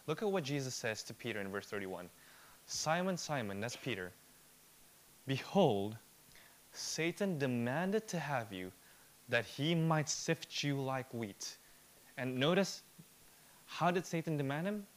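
With a mid-range voice, a man preaches his sermon in earnest. He slows and softens almost to a whisper at times, then lifts his voice to drive a point home; he is a pastor.

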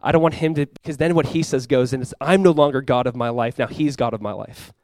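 Animated, fast-talking male pastor. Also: medium pitch, no echo. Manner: animated, acts out quoted voices, repeats himself. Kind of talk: sermon.

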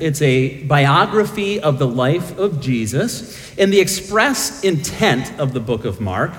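Lively, animated middle-aged male preacher. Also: a little high, in a large hall. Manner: self-deprecating storytelling with humor. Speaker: pastor. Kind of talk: sermon.

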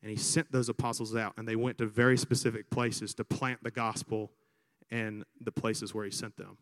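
A man from Alabama with a Southern American accent, a priest preaching a sermon and telling stories with lively crowd imitations. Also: lowish voice, moderate pace, long reverb tail. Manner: animated storyteller, imitates crowds. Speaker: priest, vocation director. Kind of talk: sermon with storytelling.

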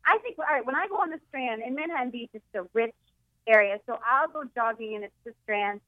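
A woman's voice: on the high side, fairly quick, dry recording. A woman calling in as a guest, chatting casually and joking, laughing often. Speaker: phone-in guest comedian. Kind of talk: casual chat. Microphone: phone line. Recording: tinny dry phone line.

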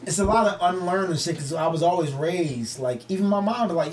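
A man's voice: high voice, a little fast. A young man co-hosting a podcast, telling stories in casual, profane banter and putting on voices for the people he quotes. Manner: animated, profane storytelling with put-on quotes. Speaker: podcast co-host.

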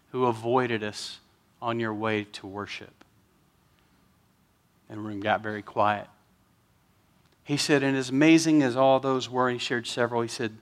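A man's voice: medium pitch, fairly bright tone. A man, a pastor telling an emotional story during a sermon and getting choked up at times.

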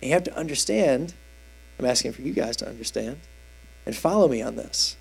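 A man's voice: mid-range voice, lively intonation, brisk, gravelly, slightly rough. A man preaching a casual, conversational sermon through a Bible passage, asking his audience questions and explaining the verses in everyday terms. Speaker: preacher, youth teacher. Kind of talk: expository sermon.

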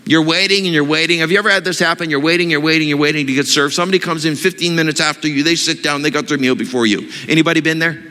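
Animated preacher man, bright voice. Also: on the high side, rapid-fire, hardly any pauses, big-room sound. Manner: animated, questioning the congregation. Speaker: pastor. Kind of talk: sermon.

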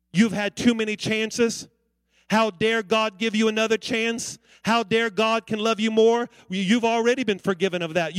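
A man's voice: high voice, dry recording. A man preaching a sermon as pastor, calling out to the congregation for responses. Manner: preaching with call-outs to the congregation.

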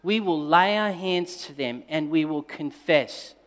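A male pastor telling a personal story in a sermon, moving between forceful emphasis and quiet, tender passages. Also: on the high side, unhurried. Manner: dynamic storytelling, swinging between loud emphasis and hushed, tender delivery. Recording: long reverb of a large hall.

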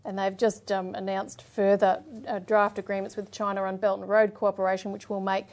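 A woman's voice: mid-range voice, a little fast. A woman co-hosting a political commentary show, explaining steadily and reading out quotes. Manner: steady, explanatory, frequent "yeah" and "um". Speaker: co-host.

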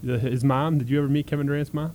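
A man hosting a casual studio interview, chiming in with quick remarks and prompting questions. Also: medium pitch, fairly even intonation, mellow, slight background noise. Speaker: podcast host.

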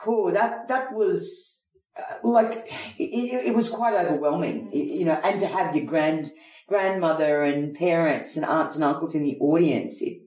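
A woman's voice: low-pitched, moderate pace, darkish tone. A middle-aged Australian woman, a head of acting, telling anecdotes in an interview and acting out the lines of people she quotes. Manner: theatrical storyteller, acts out quotes. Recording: roomy echo.

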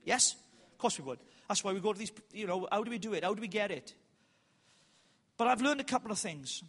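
A man preaching at a conference, telling stories with animated, self-mocking humour, then slowing down for emphatic points. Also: sits high. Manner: animated, self-mocking, loud bursts and slow emphatic lines. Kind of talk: conference sermon with storytelling. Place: large hall with an audience. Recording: reverberant hall.

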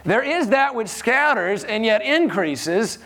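A man preaching a sermon in a church in a conversational, animated way, often chuckling and repeating his words. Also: very high voice, slow.

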